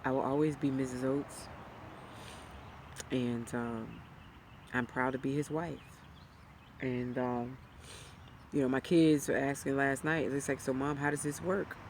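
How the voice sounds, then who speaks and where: A grieving widow talking to camera in a heartfelt, halting way, her voice sometimes breaking into a whisper. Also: extremely low pitch, fairly even intonation, a little mellow, a little hiss or hum. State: grieving, near tears. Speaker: widow sharing her grief. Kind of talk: emotional personal talk to camera.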